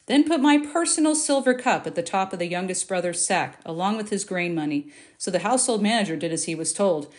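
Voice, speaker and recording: Woman reading scripture aloud. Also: mid-range voice. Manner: expressive reading, lifting her voice for quoted speech. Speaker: Bible reader.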